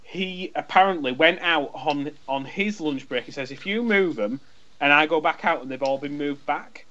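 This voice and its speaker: A man's voice: a little high, moderate pace, bright, forceful tone, highs cut off. A man, co-hosting a podcast and telling a rambling anecdote in casual chat, swearing freely and acting out both sides of a conversation. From England. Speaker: podcast co-host.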